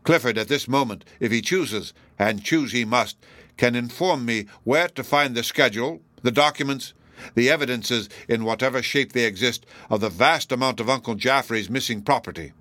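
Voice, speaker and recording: A man reading aloud in the voice of a smug, pompous elderly judge, formal and deliberate. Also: mid-range voice, bright, forceful tone, no room sound, natural voice. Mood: insistent. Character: smug, self-assured elderly male judge, pompous and formidable.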